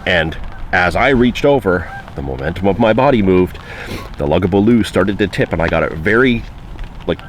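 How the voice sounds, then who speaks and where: Low-voiced guy telling a fishing story, chatty with lots of uh's, faint outdoor noise behind. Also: expressive, normal speed. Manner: conversational, frequent fillers. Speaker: angler recounting a trip. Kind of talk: casual spoken anecdote.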